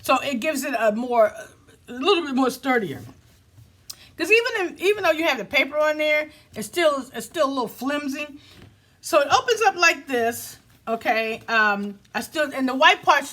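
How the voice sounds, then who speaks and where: Lively and high-pitched, this crafting host speaks at a normal pace with a somewhat bright tone. She chats casually, laughs at her own expense, and talks straight to her audience, calling them "y'all."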